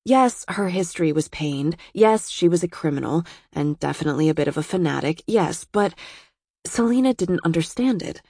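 A woman reading an audiobook as narrator, in an even, steady manner. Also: lowish voice, moderate pace, husky, no room sound, studio quality. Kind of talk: scripted narration.

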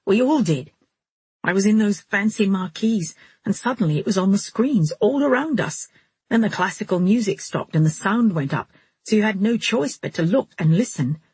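A woman's voice: medium pitch, darkish tone, husky, no echo. A woman voicing an anxious young man who speaks fervently in an audiobook. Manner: fervent, urgent. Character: anxious young man, brother, quick and intense.

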